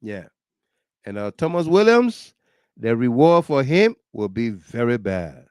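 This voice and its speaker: A man with a Liberian accent hosting a political talk livestream, animated, laughing often and reading viewer comments aloud. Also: mid-range voice, unhurried, smooth, dry recording. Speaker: talk show host.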